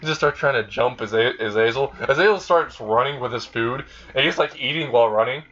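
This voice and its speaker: A man's voice: medium pitch, a little fast, fairly bright tone, dull audio. A man casually retelling a fan-made story in a rambling way, with many fillers. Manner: rambling, frequent fillers and laughing.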